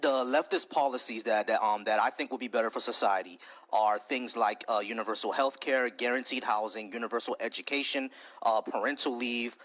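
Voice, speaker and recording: A man hosting a live online debate, cutting in, repeating words in quick bursts and swearing freely. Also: mid-range voice, a bit bright. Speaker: debate stream host.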